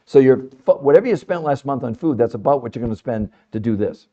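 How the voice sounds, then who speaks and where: A man hosting a podcast, delivering an animated, emphatic health talk full of rhetorical questions to his audience. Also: mid-range voice, fast talker, highs cut off. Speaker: podcast host.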